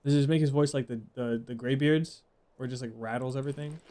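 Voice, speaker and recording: Give me a young man casually commentating his game stream, profane and rambling, at an average pitch. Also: fairly even intonation, fast, dark tone. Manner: rambling, profane, reads chat aloud and jokes. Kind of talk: casual live gameplay commentary.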